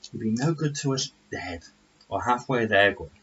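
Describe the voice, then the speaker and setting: A man's voice: fairly low pitch, animated, normal speed, fairly bright tone, muffled recording, slight background noise. A man voicing a stern female officer, a goddess-cat, who scolds like a teacher or a mother. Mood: reproachful.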